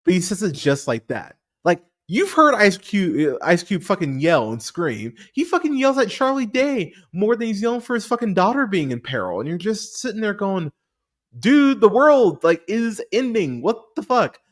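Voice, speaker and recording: A man's voice: sits high, sing-song, moderate pace, hardly any pauses, fairly bright tone. A man hosting a movie podcast, rambling through a profane casual review with lots of restarts and fillers.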